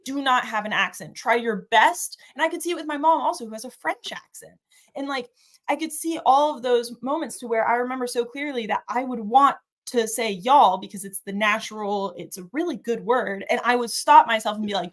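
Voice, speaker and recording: A woman from Atlanta in casual conversation, telling stories with lively acted-out quotes. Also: a little high, brisk. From Atlanta, Georgia. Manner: animated storytelling, acts out quotes. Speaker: podcast guest. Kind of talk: casual chat.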